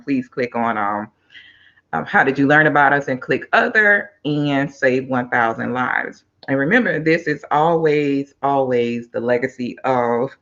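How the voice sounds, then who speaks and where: A woman's voice: rumbling low, a bit bright, dull audio. A woman hosting a live-stream talk show, chatty and upbeat, speaking straight to her viewers.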